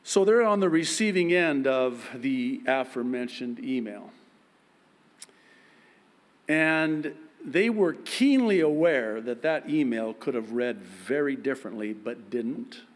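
A man preaching a sermon, telling everyday stories in a lively way and laughing at himself. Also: medium pitch, slow. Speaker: pastor.

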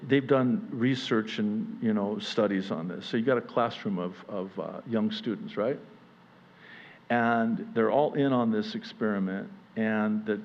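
Animated preaching man, lo-fi sound. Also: on the low side. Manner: animated, acts out voices, self-deprecating jokes. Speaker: pastor. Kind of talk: sermon.

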